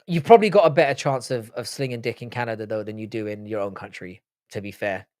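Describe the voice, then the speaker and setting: A man's voice: on the low side, fast talker, darkish tone, no echo, studio quality. A man hosting a live stream, chatting casually, reading chat comments aloud and answering with swearing banter. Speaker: livestream host.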